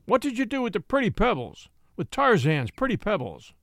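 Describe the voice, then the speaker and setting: Fierce ape-man guy growling threats, pitch jumps around a lot, read by a man. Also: huge pitch swings, normal speed, fairly bright tone, no echo, studio quality, full character voice. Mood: menacing. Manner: growling, demanding. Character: fierce adult male jungle ape-man.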